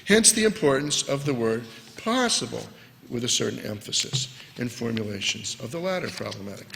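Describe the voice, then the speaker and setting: A man giving an academic philosophy lecture, measured and leaning hard on key words. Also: medium pitch, animated, creaky, fairly bright tone, slight background noise. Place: lecture hall. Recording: lecture hall with long reverb.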